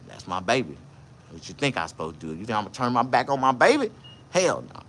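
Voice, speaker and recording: A boisterous man swaps profane stories in a casual livestream. His voice is bright and swings widely in pitch as he talks. A faint background hum sits under his speech. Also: sing-song, quick pace. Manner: loud, profane, boisterous banter. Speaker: vlogger.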